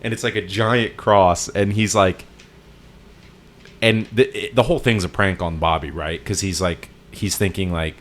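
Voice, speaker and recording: Podcast co-host, male, very low voice, loose rambling storyteller. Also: normal speed. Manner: rambling retelling with many fillers and restarts. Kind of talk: casual storytelling chat.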